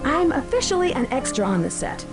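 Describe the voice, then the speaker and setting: A determined young woman detective in a point-and-click game, laying out clues plainly and calmly. Her voice sits slightly high and moves lively in pitch. Game music plays softly behind her. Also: fairly quick. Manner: matter-of-fact, composed. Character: young female amateur detective, calm and determined.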